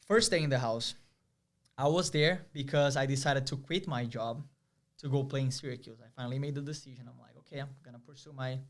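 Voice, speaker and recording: A young man from Brazil, telling a story as an interview guest in a lively, vivid way with many fillers. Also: mid-range voice, brisk. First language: Portuguese. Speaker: guest, pro soccer player.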